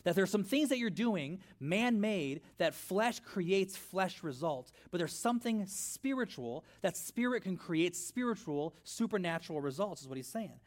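A middle-aged man preaching a sermon in a church, conversational and animated, with storytelling asides. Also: high-pitched, normal speed, few pauses. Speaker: pastor.

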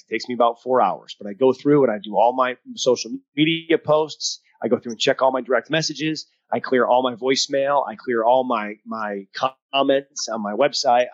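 Male co-host, mental coach, emphatic and upbeat, lo-fi call recording. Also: medium pitch. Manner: energetic, emphatic, coaching tone with quoted asides. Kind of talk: casual podcast chat.

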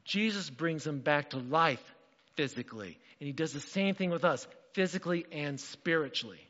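Man, pastor, animated sermon, high-pitched, long hall reverb. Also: moderate pace, highs cut off. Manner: animated, acts out quotes.

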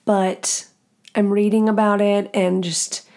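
A woman's voice: medium pitch, level tone, slow pace, darkish tone. A woman in her early thirties hosting her own podcast, talking candidly and profanely in casual solo chat. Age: early 30s. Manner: candid, profane and chatty, with laughs. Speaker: podcast host.

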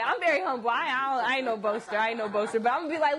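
A woman's voice: fairly high pitch, animated, quick pace, a crowd in the background. A young adult woman, a singer, talking as an interview guest in a casual, self-assured way, often laughing and slipping into sarcastic asides.

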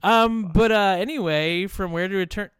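A man hosting a podcast over a video call, chatting casually, swearing freely and halting with fillers. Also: sits high, fairly bright tone, clear, resonant tone, dry recording, studio quality. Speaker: podcast host.

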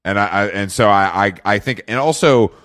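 A man's voice: on the low side, brisk, no echo, clean studio sound. A man from the American South hosting a podcast, chatting casually with jokes and the odd swear word. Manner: joking, animated, swearing. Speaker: podcast host. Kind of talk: casual chat.

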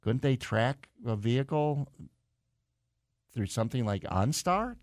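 Male radio host, mid-pitched, dry studio sound, casual and rambling with lots of fillers. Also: a little mellow, no echo. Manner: rambling, thinks aloud with many fillers. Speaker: radio talk show host. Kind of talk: casual call-in radio talk. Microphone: studio microphone.

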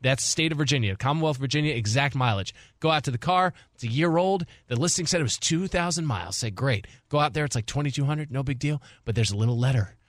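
A man in his forties hosts a sports radio show and tells stories in a loose, easygoing way, acting out the people in them. His voice sits in a middle pitch and sounds close and dry from a studio mic. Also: quick pace, few pauses, no room sound. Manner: animated storyteller, acting out quotes. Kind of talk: casual radio chat and storytelling.

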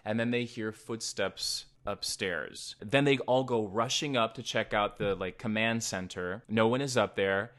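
A man co-hosting a podcast, casually retelling a horror film's plot in an animated way and quoting its characters. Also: unhurried, few pauses. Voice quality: deep breather. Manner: animated retelling with quoted voices. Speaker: podcast co-host. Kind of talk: casual chat recapping a film.

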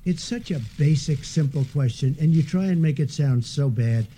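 A woman doing a low, mocking impression of a smug, condescending older male president who lectures and scolds. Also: moderate pace, mellow, slight background noise, natural voice.

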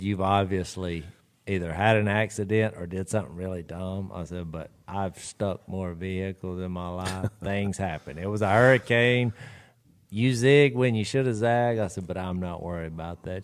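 Guy drawling thru a story on a podcast, kinda low voice, chuckles a lot. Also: steady tone, normal speed, clear, resonant tone. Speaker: podcast co-host. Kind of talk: casual storytelling chat.

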